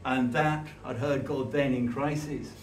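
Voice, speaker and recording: A man's voice: medium pitch, steady tone. Earnest man preaching in an echoey hall. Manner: earnest, halting, with frequent restarts. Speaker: church speaker. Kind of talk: conversational sermon with personal storytelling. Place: church hall. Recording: echoey hall, distant mic, faint hiss.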